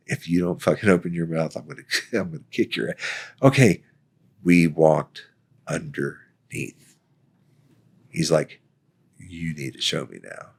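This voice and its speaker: A man's voice: low-pitched, creaky, fairly bright tone, slightly rough. A man from Florida, a veteran, telling a story casually, acting out the quoted lines and laughing often. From Florida, United States. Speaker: guest, Army veteran.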